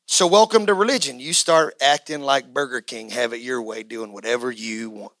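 Man, pastor, sermon, impassioned, tense bright tone. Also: medium pitch, normal speed, rough recording. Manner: impassioned preaching, swinging between quiet and shouting.

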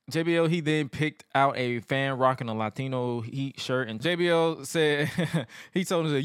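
A man co-hosting a podcast, recapping wrestling in casual, animated chat and acting out quotes. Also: mid-range voice, measured pace, clean tone, dry recording, studio quality. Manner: animated storytelling, acts out quotes, swears freely. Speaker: podcast co-host.

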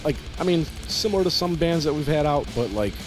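A man's voice: fairly high pitch, animated, fairly quick, faint music behind. A man co-hosting a podcast in casual chat, blunt and opinionated, with plenty of cussing. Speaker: podcast co-host.

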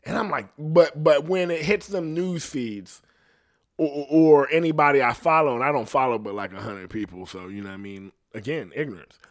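A man's voice: fairly high pitch, normal speed. Rambling, profane male podcast host. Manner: rambling and profane, trails off quietly, frequent self-mocking laughs. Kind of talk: casual profane rant.

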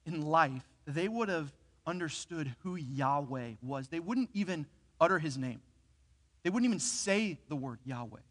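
Guy preaching in a church, story-telling, kinda high voice, echoey hall. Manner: storytelling, animated and earnest. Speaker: pastor. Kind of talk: sermon. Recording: reverberant hall.

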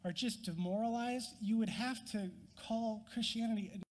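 Man, pastor, sermon, earnest, swings between emphatic and hushed, long hall reverb. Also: high voice, moderate pace. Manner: earnest, rises in emphasis then drops quiet.

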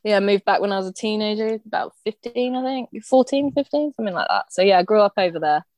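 A woman's voice: medium pitch, quick pace, a little mellow, no room sound. Woman with a bit of an aussie twang, blunt and sweary, laughs a lot, dry mic. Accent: slight Australian twang. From Australia. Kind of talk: casual chat.

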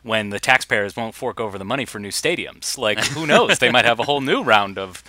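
A man's voice: mid-range voice, lively intonation, a little fast, sharp tone, dry recording. A man from the Boston area co-hosting a podcast, chatting casually with dry, teasing humor. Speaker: podcast co-host. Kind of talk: casual chat.

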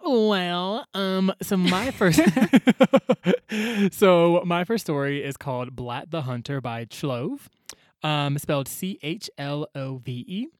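A woman's voice: fairly low pitch, lively intonation, slow pace, no echo, studio quality. A woman co-hosting a casual chat, slangy and profane, laughing often. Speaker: podcast co-host.

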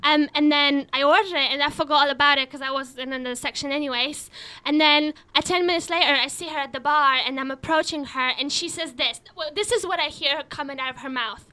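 Brief: woman, foreign accent, high and bright, laughing self-mocking storyteller on a chat show. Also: fast talker, few pauses. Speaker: comedian guest. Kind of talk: casual chat, anecdotes.

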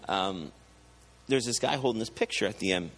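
Animated man telling a church testimony. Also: moderate pace, breathy edge. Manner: animated storytelling, growing louder and higher as excitement builds. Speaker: church speaker giving a testimony. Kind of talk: live testimony sermon. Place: church service.

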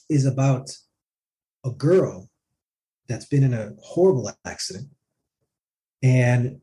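A male singer in a casual interview, telling a story with animation and acting out what others said. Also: mid-range voice. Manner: animated, acts out others' words in quotes.

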